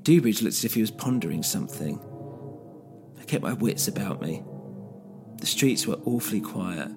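A man narrating a story in the first person, measured and steady. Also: lowish voice, gravelly. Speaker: narrator and podcast host. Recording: music bed underneath.

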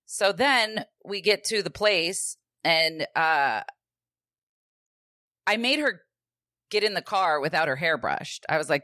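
A woman with a fairly low voice co-hosts a podcast in casual chat. She tells her story in an animated way, jumping into the voices of the people she quotes. The sound is dry and close. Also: takes it slowly, long pauses, dry recording. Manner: animated, acts out quoted dialogue, swears casually. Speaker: podcast co-host.

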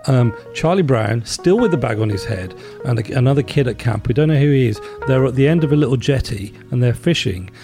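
A man retelling a comic strip story as a podcast guest, animated and laughing as he goes. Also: mid-range voice, brisk, hardly any pauses, over music. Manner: animated storyteller, laughs while telling, acts out the characters' lines. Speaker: guest, writer and broadcaster.

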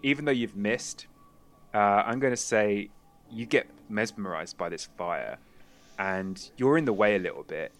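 Low-voiced man running a tabletop game. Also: moderate pace, soft background music. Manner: laughing, animated storytelling. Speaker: game master.

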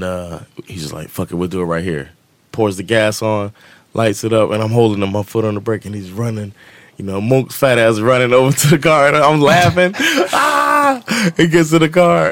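A man's voice: mid-range voice, dry recording. A man, telling a story on a casual podcast, laughing often and acting out the voices of the people in it. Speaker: podcast co-host.

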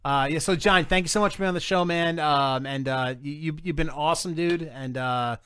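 A man's voice: a little high, brisk, sharp tone, clean tone, no echo, studio quality. A man hosting a casual podcast, rambling and dropping "man" into most sentences. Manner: rambling, with many "man" and "like" fillers. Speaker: host.

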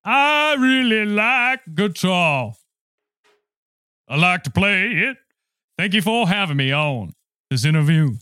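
A man imitating a dreamy rock guitarist with a slow, high drawl. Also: sing-song, bright, forceful tone, smooth, dry recording, studio quality, full character voice. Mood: spacey. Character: dreamy male rock guitarist, spacey, mellow.

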